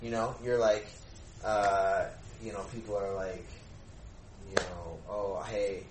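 A man leading a youth group discussion in an animated way, often asking rhetorical questions and acting out exchanges. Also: sits low, slow. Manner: animated, asks rhetorical questions, acts out dialogue. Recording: echoey room, faint background noise.

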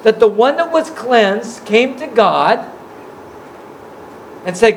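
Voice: mid-range voice, big pitch swings, takes it slowly, pauses often, a little hiss or hum, rough recording. A preacher giving a sermon in a casual, slangy storytelling manner, acting out the scripture scenes in everyday words.

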